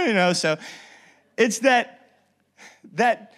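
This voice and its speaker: A man's voice: high voice, animated, unhurried, pauses often, a bit bright. A young man, a pastor, preaching a sermon and telling a personal story with lots of energy, often restarting his sentences.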